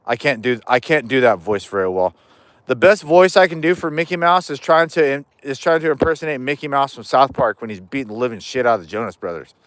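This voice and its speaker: Speaking fast at a medium pitch, a man livestreams casual chat on his walk home outdoors, rambling, joking and cursing freely. The recording is dry, captured by a chest-mounted POV camera.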